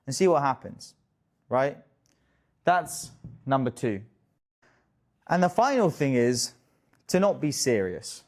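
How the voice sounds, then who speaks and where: A young man talking straight to camera as a dating coach, casual and jokey, swearing freely and tossing in quick asides. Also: medium pitch, very animated, a little mellow. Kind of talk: direct-to-camera coaching talk.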